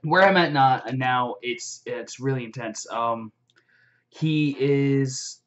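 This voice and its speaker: A young man excitedly recapping a fantasy novel in a rambling vlog, full of fillers and swearing. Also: medium pitch, takes it slowly. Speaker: vlogger. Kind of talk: casual book recap. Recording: dull lo-fi audio.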